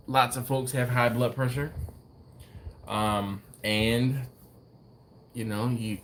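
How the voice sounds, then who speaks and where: A man hosting a live barbecue stream, chatting casually with viewers and acting out people in a story in a high mimicking voice. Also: slight background noise. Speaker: host of a live BBQ show.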